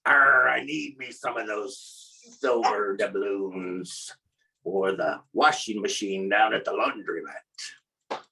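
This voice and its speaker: A man putting on a gruff old-time male pirate voice, growling "arr" and dropping his grammar, recorded from some distance. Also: lowish voice, slow, pushed and bright, voice pushed down, full character voice.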